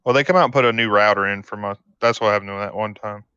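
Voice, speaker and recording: Bright, crisp-voiced man on a lo-fi stream. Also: on the low side, quick pace, dry recording. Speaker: podcast co-host. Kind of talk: casual livestream chat. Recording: dull lo-fi stream audio.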